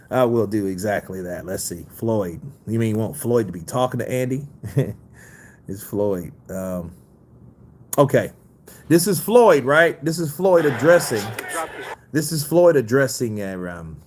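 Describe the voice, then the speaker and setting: A man hosting a casual boxing livestream, reading viewer comments in a loose, profane way and laughing easily. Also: lowish voice. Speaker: boxing news host.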